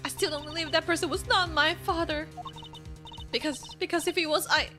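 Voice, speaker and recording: Woman reads a shaken young woman, broken phrasing, high and fragile. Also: fairly even intonation, music in the background. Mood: frightened. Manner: halting, shaken. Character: frightened young woman confessing.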